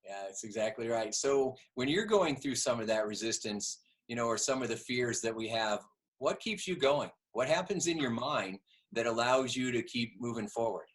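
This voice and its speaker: A man's voice: medium pitch, lively intonation, normal speed, low-quality recording. A man hosting an interview, agreeing readily and asking short open questions. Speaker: interview host. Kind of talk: conversational interview.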